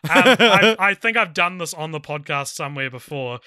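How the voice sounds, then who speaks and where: Bright, teasing male podcast co-host. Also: a little high, animated, moderate pace, smooth, no echo, clean studio sound. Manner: joking, teasing. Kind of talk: casual chat.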